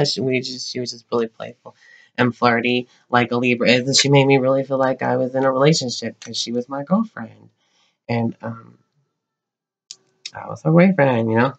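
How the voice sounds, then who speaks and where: A young man vlogs to his camera at home, telling stories in a halting, rambling way, full of ums and restarts. His voice is gravelly, with a creaky edge. He is mid-range in pitch and giggles easily. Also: steady tone, fairly bright tone, highs cut off. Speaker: vlogger. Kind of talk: rambling personal storytelling.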